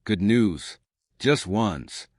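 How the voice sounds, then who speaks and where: A man's voice: fairly low pitch, lively intonation, very slow, no echo, studio quality, full character voice. A man voicing a grumpy office boss who complains in exasperation. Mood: exasperated.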